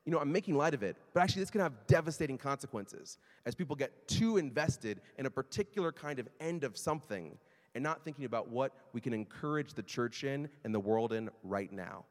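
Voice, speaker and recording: A man preaching a sermon in a conversational, animated way, sometimes acting out quoted voices. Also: mid-range voice, fairly quick, in a large hall. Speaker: pastor.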